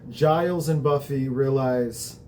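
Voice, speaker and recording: Mellow-voiced man casually recapping an episode. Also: mid-range voice, slow, a little hiss or hum. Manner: conversational, reflective, with occasional swearing.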